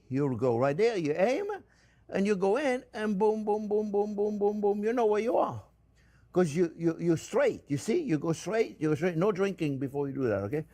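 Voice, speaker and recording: A man's voice: sits high, darkish tone. A man hosting a home cooking demonstration, chatting to viewers as friends and often repeating himself as he shows each step. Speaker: cooking show host.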